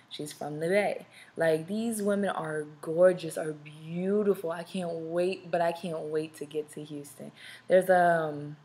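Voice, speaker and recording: Young woman from SoCal, live podcast host, slightly low voice, loose rambling chatter full of fillers. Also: darkish tone. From Southern California. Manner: rambling, many fillers and restarts; chatty, talks straight to viewers. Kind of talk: casual live-stream chat.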